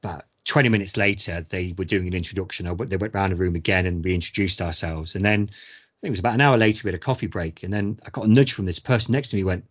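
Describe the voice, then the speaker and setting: A man's voice: low-pitched, fast talker, fairly bright tone, dull audio. A middle-aged man co-hosting a podcast, telling stories in a casual chat and acting out quoted voices. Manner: storytelling, acts out quoted voices. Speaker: podcast co-host.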